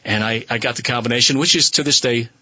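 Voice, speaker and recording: A man, a musician guest on a radio show, telling an animated anecdote and laughing as he goes. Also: mid-range voice, fast talker, dry recording. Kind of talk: storytelling on radio.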